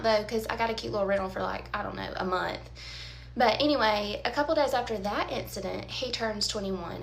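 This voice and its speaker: Animated woman telling a story. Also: a little high, a little hiss or hum. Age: 30s. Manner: animated, dramatic emphasis, quoted asides. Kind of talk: casual storytime.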